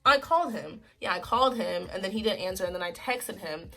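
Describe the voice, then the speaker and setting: A woman's voice: mid-range voice, lively intonation, brisk, fairly bright tone. A woman in her twenties telling a personal story in a casual vlog, rambling and emotional, with lots of "like" and "freaking". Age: 20s. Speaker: vlogger.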